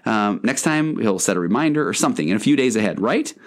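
A man's voice: on the low side, expressive, quick pace, lightly acted. A man voicing guilt as a nice, casual adult man who talks in a reassuring, upbeat way. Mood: coaxing. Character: friendly easygoing adult man, personified guilt.

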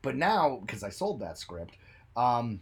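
Husky guy cohosting a podcast, animated and joking around. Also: mid-range voice, slow pace. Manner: animated, jokey, bursts into silly voices. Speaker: podcast co-host. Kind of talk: casual chat.

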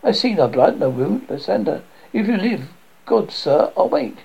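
A man's voice: high-pitched, very animated, vocal fry, breathy edge, voice pushed up, full character voice. A man voicing a forlorn lovesick young woman. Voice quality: halting, stumbling reading. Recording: dull lo-fi recording.

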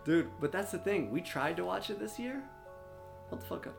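Young dude cohosting a podcast, laid back, swears a lot, guitar playing behind. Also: male voice, high voice, lively intonation, moderate pace, gravelly. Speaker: podcast co-host. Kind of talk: casual chat. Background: guitar music.

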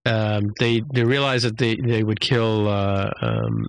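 A man's voice: fairly low pitch, sing-song, measured pace, gravelly, no room sound. A man hosting a podcast, casually recapping an episode with many fillers and restarts. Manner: rambling, many fillers and restarts, acts out quotes.

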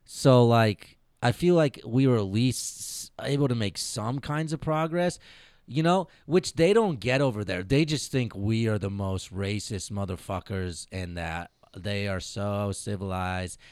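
A man hosting a casual sports podcast, animated and profane, laughing as he tells stories. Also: fairly low pitch, unhurried, clean tone, no echo, clean studio sound. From United States. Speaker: podcast host.

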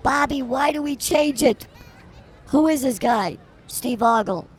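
A woman's voice: high-pitched, a little slow, slightly rough, a faint crowd. A woman co-hosting a comedy podcast, teasing and rambling through improvised banter. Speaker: podcast co-host.

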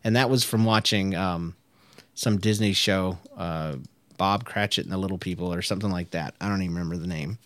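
A man's voice: low-pitched, fairly even intonation, brisk, fairly bright tone, no room sound. A man in his thirties, a children's pastor hosting a podcast, talking in a chatty, upbeat way with lots of fillers and restarts. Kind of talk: casual podcast talk.

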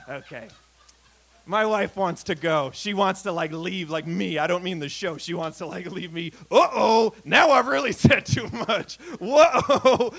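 A man's voice: sits high, vocal fry, fairly bright tone. A man doing a stand-up comedy set in a bar, rambling and self-deprecating, full of fillers and swearing, on a stage microphone. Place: comedy night in a bar venue.

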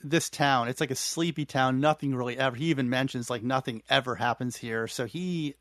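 A man co-hosting a podcast, recapping a show in a thoughtful, halting way with many restarts. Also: mid-range voice, fairly bright tone, dry recording. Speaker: podcast co-host. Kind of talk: casual recap chat.

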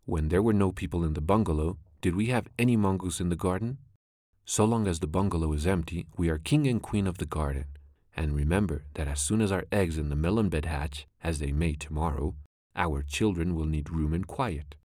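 A man's voice: low-pitched, fairly quick, dark tone, no echo, studio quality. A man voicing a cunning, ruthless female cobra in a storybook reading, scheming and commanding.

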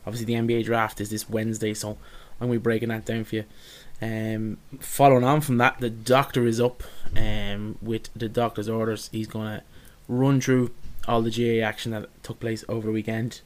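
A man hosting a casual sports podcast, introducing segments with frequent pauses and "um"s. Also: lowish voice, flat delivery. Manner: runs the show, with frequent "um"s. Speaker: podcast host.

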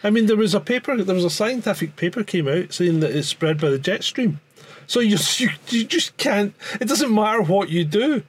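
A man's voice: sits high, expressive, moderate pace, breathy edge. A Scottish man co-hosting a podcast in casual chat, rambling and restarting his sentences. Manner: rambling, repeats words, frequent restarts. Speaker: podcast co-host.

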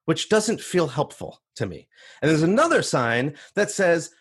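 A man telling a first-person story on stage, animated and acting out the voices of others. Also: a little high, moderate pace, slightly rough. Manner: animated, acts out voices in quotes.

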